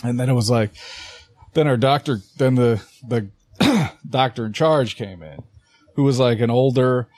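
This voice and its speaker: A young man co-hosting a podcast, telling an animated story in casual chat and swearing a lot. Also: mid-range voice, measured pace, dry recording, studio quality. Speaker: podcast co-host.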